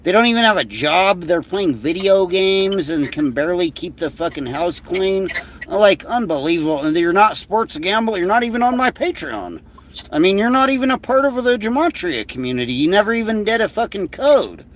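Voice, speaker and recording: A man's voice: high voice, lively intonation, moderate pace, slight background noise. A man co-hosting a livestream in casual banter, swearing a lot and mocking someone. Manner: mocking, swears a lot, shouts mimicked lines. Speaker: livestream co-host.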